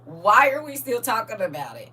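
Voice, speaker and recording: An older woman, hosting a casual live chat, laughing and swinging between soft asides and loud high bursts. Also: sing-song, moderate pace, breathy edge, recorded from a distance. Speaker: host reading viewer comments.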